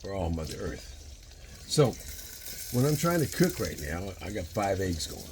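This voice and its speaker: A man in his sixties with a deep, low voice and a Michigan accent talks casually while he cooks in a home kitchen. He rambles into spiritual tangents and rushes his words in quick bursts. A faint hiss sits under his voice. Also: sing-song. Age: 60s. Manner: rambling, drifts into philosophical tangents. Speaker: vlogger. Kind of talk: casual cooking vlog.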